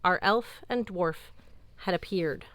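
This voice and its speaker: A woman narrating an audiobook in a measured, even tone, recorded close on a studio mic. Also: lowish voice, no room sound. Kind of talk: scripted narration.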